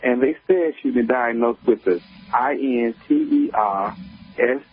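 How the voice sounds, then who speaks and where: A man from North Carolina calling in to a radio show, speaking haltingly and spelling out words. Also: medium pitch, expressive, husky. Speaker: caller. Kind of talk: phone-in conversation. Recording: tinny phone line over radio.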